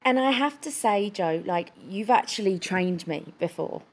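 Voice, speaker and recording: A woman's voice: medium pitch, lively intonation, unhurried. A woman co-hosting a podcast, telling a personal story in a casual, self-interrupting way. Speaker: podcast co-host.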